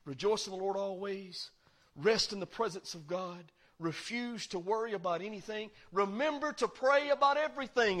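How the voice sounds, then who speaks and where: A man preaching a sermon as pastor, swinging between loud proclaiming and quiet, confiding asides. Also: high-pitched, normal speed. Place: church sanctuary.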